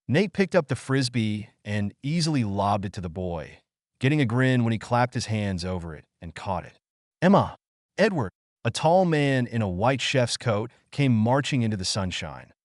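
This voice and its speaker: Lively low-voiced male audiobook narrator. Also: no room sound, clean studio sound. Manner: expressive storytelling.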